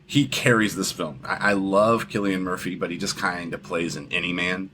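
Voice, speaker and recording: Deep-voiced man rambling about films. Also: steady tone, moderate pace, noisy background. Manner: rambling, repeats words, swears casually. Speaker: podcast co-host. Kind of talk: casual film discussion.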